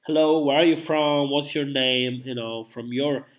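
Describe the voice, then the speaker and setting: A young man chats with his live-stream viewers while he is feeling unwell. His voice sits at an everyday middle pitch. He rambles, backtracks and fills the pauses with ums and uhs. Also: steady tone. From Italy. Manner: chatty, rambling, with many fillers and restarts. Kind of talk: casual live-stream chat.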